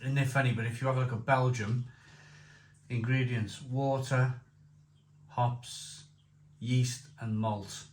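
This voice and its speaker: A man's voice: medium pitch, fairly even intonation, takes it slowly, long pauses, a little mellow. A man reviewing a beer in casual chat, enthusiastic, repeating himself and rambling. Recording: echoey room with faint noise.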